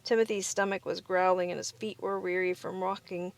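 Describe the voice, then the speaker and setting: A woman reading a children's picture book aloud in a clear, expressive way. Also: fairly low pitch, fairly quick. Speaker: storybook reader.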